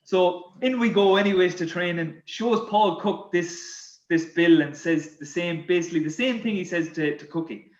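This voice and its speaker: A man, a former footballer and podcast guest, telling anecdotes in a lively way. He repeats words as he goes. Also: sits high, normal speed, echoey room, lo-fi sound. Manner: animated, repeats words, laughs at his own stories. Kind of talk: anecdotal storytelling.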